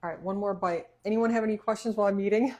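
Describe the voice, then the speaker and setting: A woman's voice: medium pitch, fairly even intonation, fast, darkish tone. A woman hosting a casual cooking livestream, chatty and laughing often while she eats. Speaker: cooking show host.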